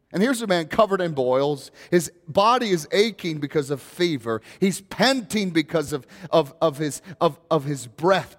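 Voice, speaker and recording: A man's voice: on the high side, long reverb tail. A male pastor preaching a sermon in a conversational way, building to rising, emphatic questions.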